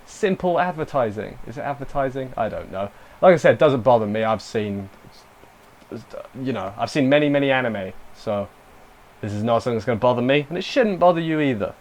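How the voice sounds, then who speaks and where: A man's voice: mid-range voice, expressive, brisk, a little mellow. A young man casually recapping and reviewing an anime episode, rambling with self-deprecating asides and lots of fillers.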